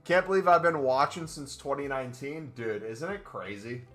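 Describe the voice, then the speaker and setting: A male streamer chatting during a live game stream on his microphone, excitable and joking. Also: medium pitch, normal speed, faint music behind. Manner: excitable and joking, with whoops and laughs.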